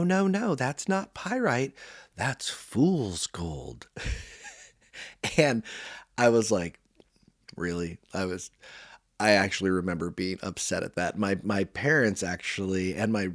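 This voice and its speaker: Enthusiastic, rambling man in his forties, podcast host; lowish voice, dry sound. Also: no echo. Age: 40s. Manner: chatty, rambling, enthusiastic storyteller. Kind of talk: casual product review chat.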